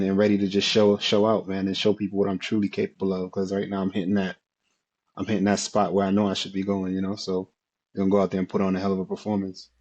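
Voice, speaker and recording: A man in his thirties, a guest fighter on a remote interview, talking in an upbeat, steady way and often tagging his lines with "you know what I mean". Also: on the low side, muffled recording.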